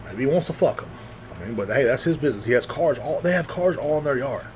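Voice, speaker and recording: A young man hosting his own podcast after a few drinks, rambling and swearing freely as he loses his thread. His pitch jumps around in a lively, expressive way. A faint hiss sits under the voice. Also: fast talker. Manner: profane, rambling, with frequent fillers and restarts. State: drunk. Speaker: podcast host. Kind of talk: casual rambling monologue.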